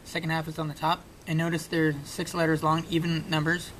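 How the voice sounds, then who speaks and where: Musing man with a flat delivery. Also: a little fast, low-quality recording. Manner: musing, thinking aloud with fillers and restarts. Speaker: puzzle-solving video creator. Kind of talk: casual on-screen analysis. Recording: faint rumbling background noise.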